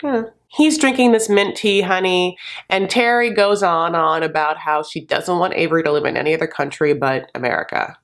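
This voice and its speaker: A woman's voice: lowish voice, moderate pace. A woman giving a sassy, casual comedic recap of a reality show, swearing freely and slipping into quoted voices.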